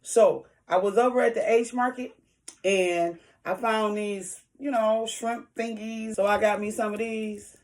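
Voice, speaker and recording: A woman's voice: medium pitch, fairly even intonation, a little slow, darkish tone. A woman talking casually to her viewers in an eating vlog, chatty and folksy, chewing while she talks. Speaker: food vlogger.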